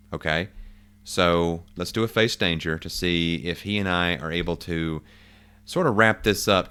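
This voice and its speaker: A man with a very low voice talks through his solo tabletop game. He muses aloud, stopping to rethink and correct himself as he checks rules and rolls. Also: fairly bright tone, clear, resonant tone. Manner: thinking aloud, musing and self-correcting.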